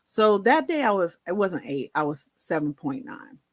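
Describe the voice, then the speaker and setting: Woman vlogger, lowish voice, candid chatty storytelling, dry close sound. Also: sing-song, moderate pace, dry recording. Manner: candid, conversational, many fillers and asides. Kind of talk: personal storytelling to camera.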